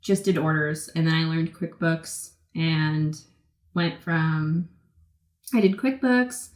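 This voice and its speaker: A woman in her twenties from the Boston area, telling stories in a casual interview, talking fast and loose with lots of "like" and acted-out quotes. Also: sits low, a little mellow, echoey room. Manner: chatty, many "like" fillers, acts out quotes. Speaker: guest, pro skateboarder.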